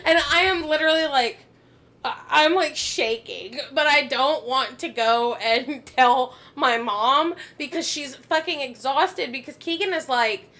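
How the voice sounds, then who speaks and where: A woman hosting a podcast, telling a story in a casual, animated way, laughing and swearing often. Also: high voice, a little slow. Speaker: podcast host.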